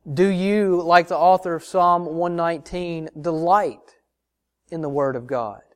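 A man's voice: fairly high pitch, fairly even intonation, a little slow, clean tone. A man preaching a sermon as pastor, earnestly pressing the congregation with rhetorical questions and calling them brothers and sisters. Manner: addresses listeners as brothers and sisters.

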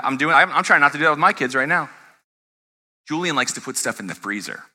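A man in his thirties preaching a sermon as pastor, animated and conversational, asking the congregation questions and swinging from loud emphatic peaks to quiet low passages. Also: a little hiss or hum.

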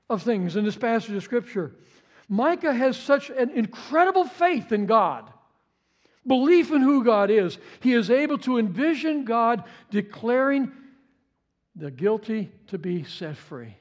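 Male pastor, higher voice, passionate preacher who stammers and repeats. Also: very animated, a little slow. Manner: impassioned, repeats words, stammers on restarts. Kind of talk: sermon.

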